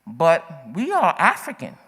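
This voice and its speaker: Low-voiced woman speaking with urgency. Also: huge pitch swings, measured pace, a bit bright, husky. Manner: emphatic, repetitive, building to urgency. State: a little out of breath. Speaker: audience member speaking at a forum. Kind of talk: impassioned open-mic remarks. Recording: echoey hall.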